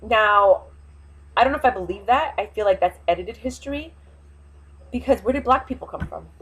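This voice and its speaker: A woman's voice: medium pitch, lively intonation, normal speed, breathy edge, rough recording. A woman vlogger, talking in an impassioned, rambling casual monologue with emphatic, fiery opinions.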